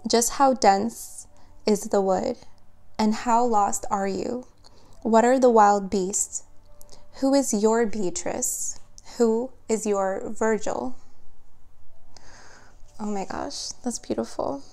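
Slow, gravelly-voiced tarot reader woman. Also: fairly high pitch, fairly even intonation. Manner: gentle, earnest, easily moved. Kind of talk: reading aloud from a guidebook and reflecting.

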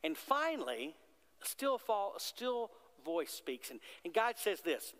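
In a large, reverberant sanctuary, a male pastor preaches in an unhurried, sing-song manner, his high, light voice a bit bright. He speaks conversationally and keeps questioning the congregation.

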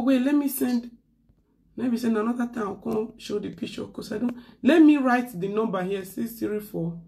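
A chatty Nigerian woman talks straight to her viewers, ranting in a mix of pidgin and English. Her voice sits in a middling pitch range. She is heard from a little way off the mic, giving a distant sound. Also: fairly even intonation, measured pace, mellow. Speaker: live stream host. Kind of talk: casual live-stream rant.

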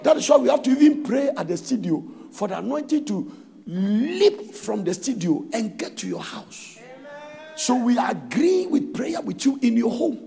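A man with a Ghanaian English accent preaching a sermon as pastor, swinging between shouted, sing-song exhortation and quieter storytelling. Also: very high voice, vocal fry, in a large hall. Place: church hall.

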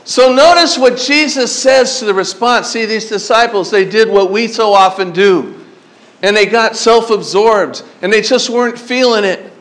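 A man pastor preaching a sermon to teenagers at a camp, telling animated stories and asking the crowd questions. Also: high voice, moderate pace. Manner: animated storytelling, acts out his younger self. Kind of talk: sermon to teen campers.

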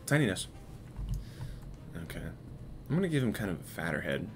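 A man's voice: sits low, big pitch swings, quick pace, over music. A man hosting a live stream, chatting casually and playfully with viewers while he works. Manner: playful, teasing, talks to chat while working.

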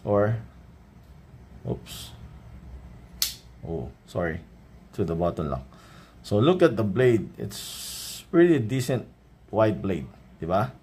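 A man with a Filipino accent doing a casual unboxing vlog, showing things off in a relaxed way and often adding a questioning "right?". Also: on the low side, slow, pauses often, slight background noise. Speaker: knife reviewer.

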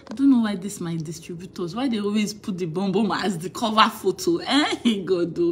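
A woman on a live stream, thanking fans over and over, laughing often and drawing out slow thank-yous. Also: mid-range voice, animated, slight background noise. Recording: echoey room with faint ambience.

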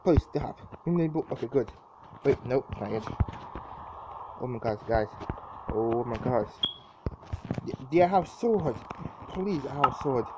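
A man's voice: mid-range voice, expressive, unhurried, pauses often. A young man commentating his own gameplay in a casual, jittery way, exclaiming often and repeating himself. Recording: dull lo-fi mic with clear background noise.

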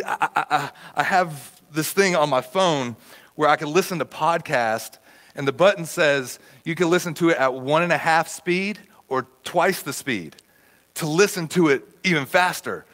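A man pastor giving a conversational sermon in a church, telling stories with sudden bursts of shouting. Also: fairly high pitch. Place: church auditorium.

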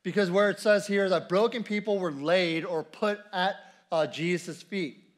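A pastor with a fairly high voice preaches at a church service at a moderate pace. His sermon is conversational, and he repeats key phrases and puts questions to the congregation.

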